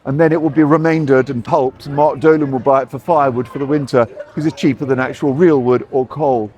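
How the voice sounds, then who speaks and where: A man's voice: mid-range voice, steady tone, fairly quick, a little mellow, pitched below the performer's own voice, natural voice. A man putting on a whiny, pampered, self-pitying aristocratic young man, fussing in mock distress. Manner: mock-traumatized, fussy whining.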